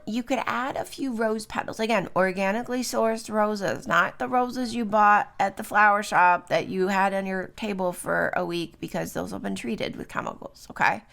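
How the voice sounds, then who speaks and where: A woman's voice: mid-range voice, vocal fry, a bit bright. A middle-aged woman hosting a solo podcast at home, chatty and loose, full of fillers and little tag questions. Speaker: podcast host. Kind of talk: solo podcast talk on herbs. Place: home, early morning.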